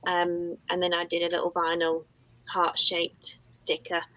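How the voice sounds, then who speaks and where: A woman's voice: on the low side, monotone, unhurried, bright, forceful tone, no echo, poor audio. A woman guest on a live-stream creator panel, talking in a chatty, friendly way. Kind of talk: casual live-stream chat.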